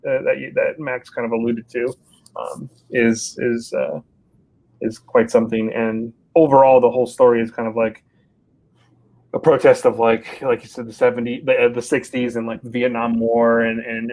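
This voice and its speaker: A man's voice: mid-range voice, darkish tone, rough recording. A man co-hosting a casual podcast chat, rambling with lots of restarts. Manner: rambling, many fillers and restarts. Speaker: podcast co-host.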